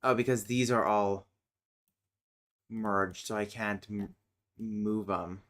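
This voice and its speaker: A man streaming casually, thinking aloud as he works, muttering and humming to himself with many hesitant pauses. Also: on the low side, fairly even intonation, a bit bright. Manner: mutters and hums to himself while working; slow, hesitant, with many fillers.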